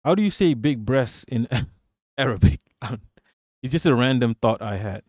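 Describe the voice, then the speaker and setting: A man's voice: mid-range voice, lively intonation, unhurried, a little mellow, no room sound, clean studio sound. Profane, rambling male streamer. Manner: profane, rambling, laughs often. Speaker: streamer host. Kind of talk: casual livestream commentary.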